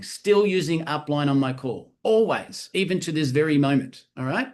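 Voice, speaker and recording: A man in a slightly higher register delivers a lively motivational training talk to a live audience. He hammers home key phrases by repeating them and slips into quick acted dialogue. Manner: acts out sales-call dialogue. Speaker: network marketing trainer.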